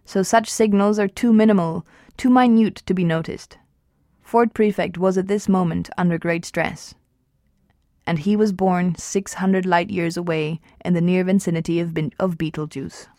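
A woman reading a novel aloud at an even pace, with small slips and restarts. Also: fairly low pitch, normal speed, no room sound, studio quality. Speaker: reader.

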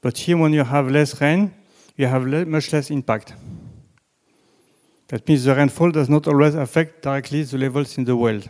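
A man with a French accent, a native French speaker, giving a slow, halting presentation with slides and frequent restarts. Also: medium pitch, fairly even intonation, a little mellow. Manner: halting, many restarts and fillers, deliberately slow. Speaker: presenter on groundwater.

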